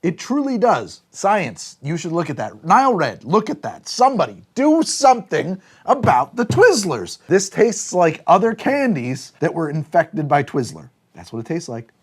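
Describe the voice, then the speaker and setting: A man's voice: on the high side, sing-song, moderate pace, hardly any pauses, slightly rough. A man hosting a comedic cider tasting review, sarcastic and scolding the drinks directly as if they could hear him. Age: adult, says he is not that old. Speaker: drinks show host.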